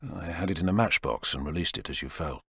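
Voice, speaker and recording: A calm, enigmatic doctor, played by a male narrator with a very deep, low voice. He speaks in a clinical, understated way, softer than the narration. It sounds close and dry. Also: fast, husky, dry recording, full character voice. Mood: measured.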